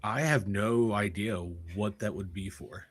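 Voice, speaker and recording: A man's voice: lowish voice, a little slow, dry recording. A man in his forties with a Pittsburgh accent, co-hosting a casual sports talk show in an easygoing, playful way. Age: 40s. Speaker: podcast co-host.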